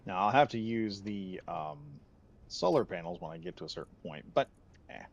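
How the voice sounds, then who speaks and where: A man's voice: deep voice, animated, moderate pace, lo-fi sound, a little hiss or hum. A man streaming a game, chatting casually and rambling off on tangents with frequent laughs. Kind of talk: casual live gameplay commentary.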